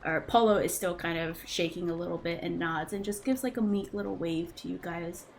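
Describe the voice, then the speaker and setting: A woman's voice: lowish voice, a little fast, creaky, slight background noise. A woman narrating a tabletop role-playing game as game master, in a chatty manner with frequent fillers. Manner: chatty, with many fillers and restarts.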